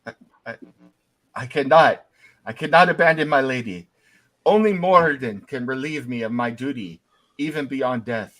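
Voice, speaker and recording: A bright, ringing voice gives an old dwarf knight's ghost, played by a man, stubborn and fierce. He guards his lady's tomb in archaic, defiant phrases and bellows at anyone he takes for an intruder. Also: mid-range voice, moderate pace, pauses often, lightly acted, poor audio. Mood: stern.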